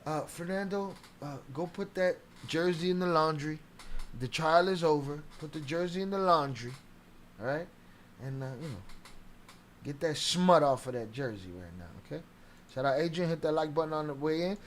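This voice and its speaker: A man's voice: a little high, normal speed, slight background noise. A man hosting a casual livestream, talking animatedly and profanely while greeting viewers from the chat. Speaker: livestream host.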